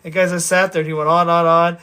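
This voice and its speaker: A man telling stories from his own past to his viewers in an animated, rambling way, often restarting his sentences. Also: on the high side, fast talker, clean tone. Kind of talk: casual storytelling to viewers.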